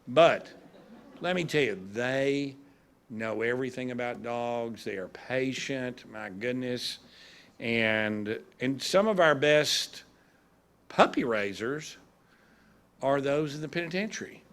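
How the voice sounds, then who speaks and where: A man with a drawl and a gravelly edge to his voice, speaking at a graduation ceremony. He tells folksy, humorous stories at a middling pitch, like a judge at ease with a crowd. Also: slow pace, a bit bright. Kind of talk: ceremony speech.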